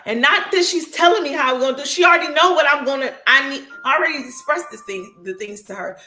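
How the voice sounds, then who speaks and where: A woman's voice: on the high side, sharp tone, reverberant, low-quality recording. A woman in casual podcast chat, emotional and blunt, swearing freely and laughing often, over a video call. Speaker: podcast guest.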